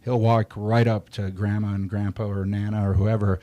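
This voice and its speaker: A man's voice: on the low side, level tone, normal speed, dark tone, no room sound, highs cut off. A man in his forties talking candidly as a podcast guest, blunt and profane but reflective about emotions. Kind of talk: candid casual chat.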